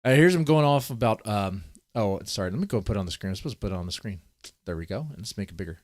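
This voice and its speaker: A man's voice: fairly low pitch, expressive, quick pace, no echo, studio quality. A man giving rambling, profane casual commentary, often restarting his sentences as he reads posts on screen. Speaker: commentary streamer.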